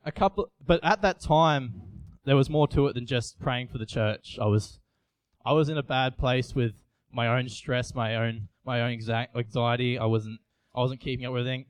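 A man's voice: medium pitch, moderate pace, smooth, dry recording. A young man, giving an earnest, confessional sermon with frequent restarts. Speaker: youth preacher. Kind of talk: personal sermon.

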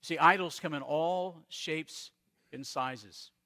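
Bright-voiced preacher man from Arizona. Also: on the high side. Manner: storytelling preacher, dramatic pauses and swings in loudness. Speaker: pastor. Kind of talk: sermon.

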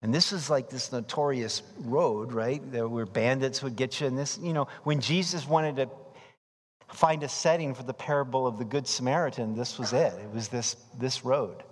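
A man preaching a verse-by-verse sermon, animated, acting out voices and shouting for emphasis. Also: mid-range voice, moderate pace. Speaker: pastor. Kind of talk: expository sermon. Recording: long reverb of a large hall.

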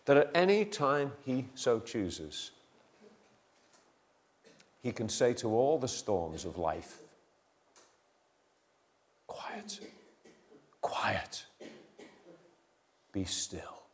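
An older man preaching a sermon, moving between quiet asides and loud, dramatic retellings. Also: mid-range voice, big pitch swings, slow pace, pauses often.

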